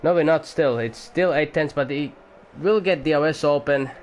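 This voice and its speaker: At home in a room, a man gives amateur commentary on a sim race, getting excitable at times and swearing now and then while keeping his voice down for the neighbours. His voice is a little high, his pace moderate, with a little hiss or hum audible.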